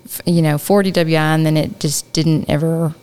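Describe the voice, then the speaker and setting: A woman's voice: deep voice, steady tone, moderate pace, darkish tone, smooth. A middle-aged woman from Texas, telling her story candidly as a podcast guest in a frank, rambling, self-mocking way.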